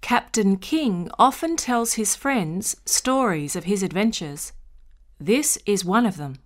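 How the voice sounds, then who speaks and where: A woman's voice: mid-range voice, slow. Woman reading textbook audio. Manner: clear, even reading. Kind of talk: scripted narration.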